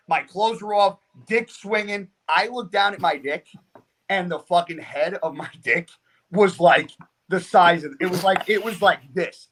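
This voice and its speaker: A man recounts a story in loose, casual podcast talk. His voice sits a little high, and he rambles, swears constantly and stays animated throughout. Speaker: podcast guest.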